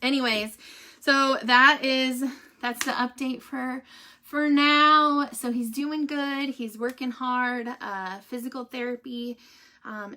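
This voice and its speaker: A woman's voice: a little high, sharp tone. A young woman chatting casually to her viewers and reading a devotional aloud, with lots of fillers and restarts. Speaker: vlogger giving a family update.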